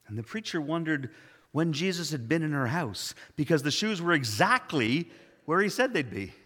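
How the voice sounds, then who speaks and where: A male pastor telling a story in a sermon with a measured delivery, recorded in a church sanctuary. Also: a little high, big pitch swings, sharp tone, husky. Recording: long hall reverb.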